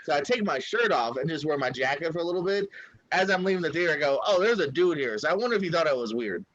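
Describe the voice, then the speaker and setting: A man co-hosting a podcast, giving his take on movies in casual, hesitant, measured chat. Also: a little high, lively intonation, fairly bright tone. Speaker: podcast co-host. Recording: dull dry sound.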